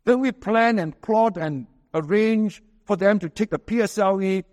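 A man with a Singaporean English accent preaching a sermon as pastor, emphatic, with slow, drawn-out scripture quotes. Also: high-pitched, darkish tone, long reverb tail.

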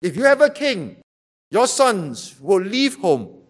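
A man's voice: high-pitched, very animated, slow pace, husky. A man preaching a sermon, emphatic and repeating rhetorical questions to drive his point home.

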